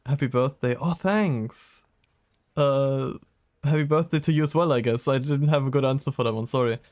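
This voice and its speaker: A man's voice: mid-range voice, moderate pace, a little mellow. A young man casually commenting on a detective game while streaming, chatty and rambling, often laughing, with a slightly sick voice.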